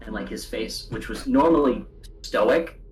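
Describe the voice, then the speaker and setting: A man playing a tabletop game, talking casually and hesitantly, with many pauses. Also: mid-range voice, rough recording. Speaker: player.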